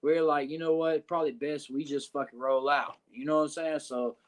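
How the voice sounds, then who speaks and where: A man's voice: on the high side, flat delivery, a little fast. A man with a Southern US accent telling a locker-room story in a podcast interview, cursing often and rambling with fillers. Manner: profane, rambling, frequent "uh" and "you know what I'm saying". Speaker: wrestler guest.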